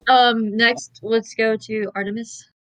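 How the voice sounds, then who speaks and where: A woman's voice: on the high side, level tone, takes it slowly, a bit bright. A woman chatting casually as a tabletop player, laughing often and tripping over her words. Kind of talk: casual chat.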